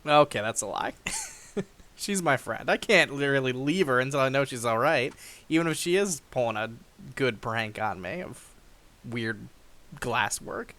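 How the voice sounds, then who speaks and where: A man's voice: mid-range voice, normal speed. A young man hosting a game playthrough, reading the story aloud with dramatic flair and chuckling along. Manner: lively, chuckling, reads narration dramatically. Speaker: let's play host.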